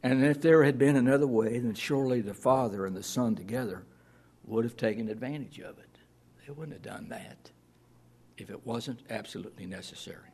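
A man's voice: medium pitch, a little mellow, breathy edge. A man preaching a sermon as pastor, plain-spoken and earnest, reading scripture aloud.

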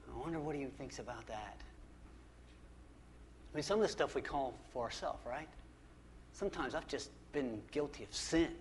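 Man pastor, slightly high voice, conversational emphatic sermon, repeats himself, church setting. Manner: conversational, emphatic, frequent restarts and repetition.

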